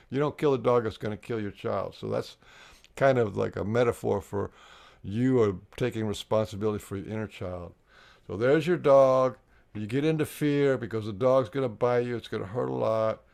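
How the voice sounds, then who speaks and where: Gravelly-voiced man guiding a healing workshop. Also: medium pitch, darkish tone. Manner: halting, frequent restarts and repeated words; earnest, explaining step by step. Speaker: workshop facilitator. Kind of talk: live online healing workshop instruction.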